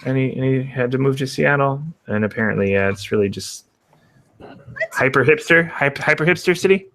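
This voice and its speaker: A man's voice: mid-range voice, fairly quick, a bit bright. A young man hosting a casual stream and chatting with guests in a jokey, mock-grumpy way. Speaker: streamer host. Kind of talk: casual chat.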